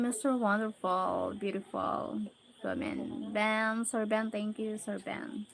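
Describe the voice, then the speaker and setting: Reading her viewers' names and comments aloud, this livestream host from the Philippines chats casually and laughs often. She speaks slowly in a mid-range, gravelly voice with lively intonation, on a rough recording with slight background noise.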